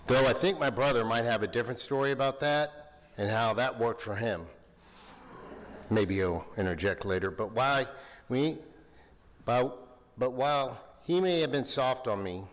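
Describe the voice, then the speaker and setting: Middle-aged male eulogist, low voice, measured delivery, big hall reverb. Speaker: son giving a eulogy. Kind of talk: funeral eulogy.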